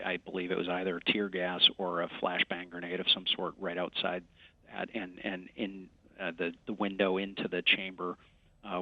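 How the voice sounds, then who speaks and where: A man with a very low voice talks haltingly, stopping often on fillers and restarting his sentences. The sound is dull and muffled. It is also dry, with no room echo. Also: gravelly. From West Michigan. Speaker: congressman. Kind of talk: remote news interview.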